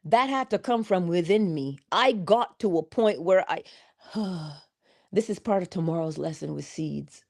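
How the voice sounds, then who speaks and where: A woman's voice: on the low side, a little slow, creaky. A woman giving a morning inspirational talk, with preacherly calls and frequent laughter. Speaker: motivational speaker.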